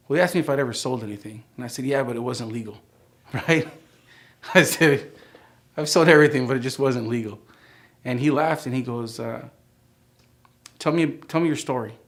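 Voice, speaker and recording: A man in his forties tells his own story in an easygoing, conversational way. He voices the people he quotes with lively jumps in tone, then drops back to a quieter, reflective voice. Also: medium pitch, normal speed, pauses often. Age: 40s. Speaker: interviewee sharing his life story. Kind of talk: relaxed storytelling interview.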